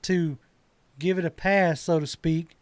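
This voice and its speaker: A man with a high voice talks sports on a podcast in a hesitant, thinking-aloud way. The sound is close and dry. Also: fairly even intonation, measured pace, no room sound. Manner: hesitant, with filler words and restarts. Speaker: podcast co-host. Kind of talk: casual sports podcast talk.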